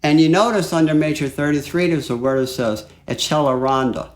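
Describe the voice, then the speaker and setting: A man teaching flute in a relaxed, chatty way, walking through a piece and singing phrases aloud. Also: on the high side, fairly quick. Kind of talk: music lesson. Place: home studio.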